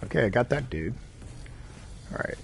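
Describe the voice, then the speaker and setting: A middle-aged man, tired, talks casually as he streams a game. His voice sits at an ordinary middle pitch. He rambles, repeats his words and reacts aloud to what happens in the match. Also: big pitch swings, moderate pace, creaky, a little hiss or hum. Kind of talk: casual gameplay chat.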